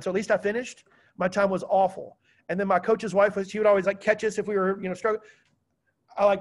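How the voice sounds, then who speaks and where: A man teaching a class, lecturing students in a lively, joking way and telling stories. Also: high voice.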